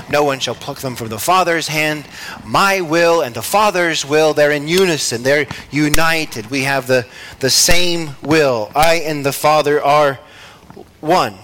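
A man preaching a teaching sermon as pastor, speaking in measured phrases with frequent pauses and restarts. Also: medium pitch, sharp tone, low-quality recording.

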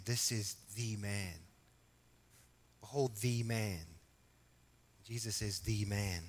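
Bright-voiced man preaching a sermon. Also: fairly low pitch. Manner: emphatic, rising to loud exhortation, then quiet and reflective; asks the congregation questions. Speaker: pastor. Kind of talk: expository sermon.

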